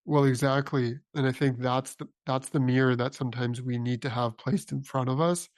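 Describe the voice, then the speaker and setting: A man's voice: medium pitch, steady tone, no room sound. Affirming male podcast host, dry sound. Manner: affirming, halting questions with restarts. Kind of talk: interview conversation.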